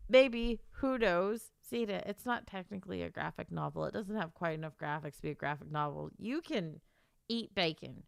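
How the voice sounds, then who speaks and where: Young woman, live-stream chatter, teary, stuffed nose, laughing and swearing, smooth voice, dry sound. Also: medium pitch, a bit bright, no room sound. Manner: emotional, laughing through tears, swearing. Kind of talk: casual live-stream chat.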